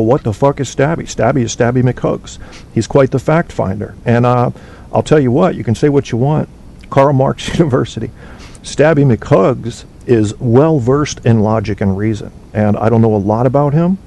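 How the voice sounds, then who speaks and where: A man's voice: moderate pace, creaky, warm tone. A man hosting a casual podcast from home on a cheap microphone, talking bluntly and profanely in a rambling way while reading the live chat. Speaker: podcast host. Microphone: cheap low-quality microphone. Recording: faint noise on a low-bitrate stream.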